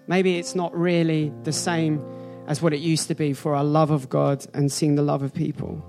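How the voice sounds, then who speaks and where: A man preaching in a church with an earnest, building delivery, repeating phrases for emphasis. His voice sits somewhat high for a man. Soft music plays faintly under him. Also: little pitch movement, moderate pace. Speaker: pastor. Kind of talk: sermon.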